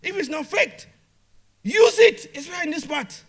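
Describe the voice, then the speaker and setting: A man's voice: extremely high pitch, fast, sharp tone. A man speaking at a business conference, emphatic and direct, repeating phrases and calling out to the audience. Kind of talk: motivational conference talk. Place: conference hall.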